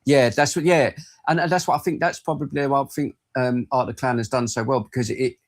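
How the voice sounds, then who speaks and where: Excitable sweary podcast man. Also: mid-range voice, fairly quick. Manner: excitable, sweary, lots of restarts. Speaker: podcast co-host. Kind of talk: casual podcast chat.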